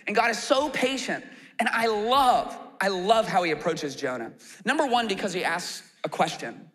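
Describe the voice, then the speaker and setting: A male pastor delivers his sermon with a high, bright voice that swings widely in pitch. He acts out quoted lines with animated energy. The sound carries a long hall reverb from the church room. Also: moderate pace. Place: church auditorium.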